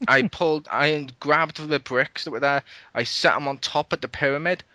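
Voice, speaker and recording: A man's voice: a little high, moderate pace, no room sound. Een man die een gamepodcast presenteert en opgewonden praat, vaak lacht en losjes vloekt. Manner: excitable, laughs often, swears casually. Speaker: podcast host. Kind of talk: casual gaming podcast chat.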